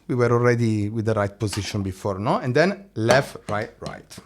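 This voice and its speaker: A man's voice: fairly low pitch, moderate pace, hardly any pauses, noisy background. A man teaching a drum lesson, counting beats aloud, singing drum syllables and checking in with "no?" and "eh?".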